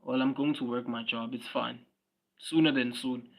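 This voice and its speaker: A man's voice: mid-range voice, steady tone, normal speed, creaky. A young South African man, a Swati speaker, chatting casually on a livestream, blunt and slangy, often repeating his words and answering viewers' comments. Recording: dull lo-fi stream audio.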